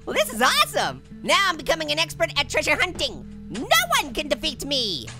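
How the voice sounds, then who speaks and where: A man voicing a hyper, wisecracking male talking orange, giggly and squeaky, making puns and teasing while playing a video game. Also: a little fast, vocal fry, over loud music, full character voice. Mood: playful. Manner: excitable, teasing, bursts into shouts. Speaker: gaming channel host character. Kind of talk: let's play commentary.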